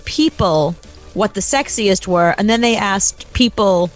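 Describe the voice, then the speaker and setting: A woman from New York co-hosting a casual talk show, emphatic and quick to laugh. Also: mid-range voice, lively intonation, soft background music. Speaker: co-host. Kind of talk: casual radio chat.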